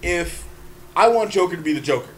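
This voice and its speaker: A man with a slightly high voice talks earnestly in a casual chat, often pausing on fillers before pressing a point hard. Faint ambience sits under him. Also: expressive, a bit bright, slight background noise. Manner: earnest, emphatic, hesitant with fillers.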